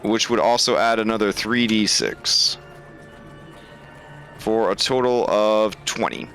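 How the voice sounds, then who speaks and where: Slow, relaxed man running a game. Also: on the low side, faint music behind. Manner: relaxed, thinking aloud with many fillers. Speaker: game master.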